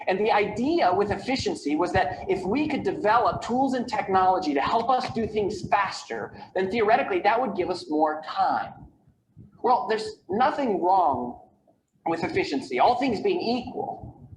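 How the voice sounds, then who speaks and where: A man giving a motivational keynote talk, telling stories and asking rhetorical questions with repeated lists. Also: sits high. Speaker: keynote speaker on time management. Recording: echoey video played over a call with background noise.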